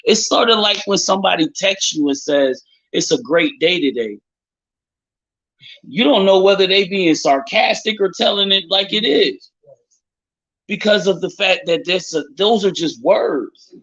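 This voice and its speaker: Animated profane man hosting a live chat. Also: high-pitched, unhurried, dull audio. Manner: animated, profane, emphatic storytelling. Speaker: host. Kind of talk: casual live-stream chat.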